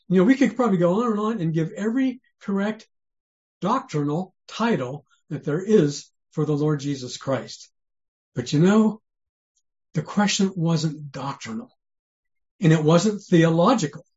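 A man's voice: a little high, lively intonation, a little slow, darkish tone. A man preaching a sermon in an earnest, conversational way. He asks many rhetorical questions and often restarts his sentences. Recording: dull lo-fi sermon recording.

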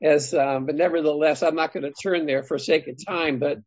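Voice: mid-range voice, steady tone, normal speed, dry recording, lo-fi sound. A Bible study leader reading scripture to a group, thinking aloud and asking the group for their thoughts.

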